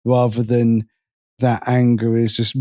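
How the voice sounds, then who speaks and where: Blunt man, halting, swearing. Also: medium pitch, completely flat delivery, warm tone, no echo, clean studio sound. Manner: halting, repeats words, swears freely. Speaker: podcast co-host. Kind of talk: casual podcast chat.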